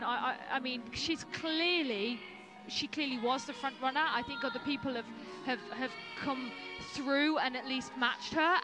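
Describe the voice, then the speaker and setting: Gushing high-voiced woman commentator. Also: poor audio. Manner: gushing, emphatic, talks over others. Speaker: dance show panelist. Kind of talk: casual backstage commentary.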